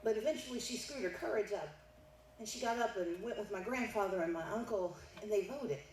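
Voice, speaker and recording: A woman's voice: mid-range voice, a little fast, a little mellow. A middle-aged woman giving a keynote speech at a banquet, telling a family story and building to emphatic declarations. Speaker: keynote speaker. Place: banquet hall. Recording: echoey hall, mic heard from a distance, faint noise.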